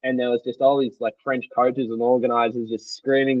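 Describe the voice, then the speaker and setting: A young Australian man tells his story in a relaxed interview, his words tumbling out in an animated rush. His voice sits at a middling pitch. The recording is dry and a little dull, with no room sound behind him. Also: a little fast, no echo. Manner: animated, tumbling retelling full of "like". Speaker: guest athlete.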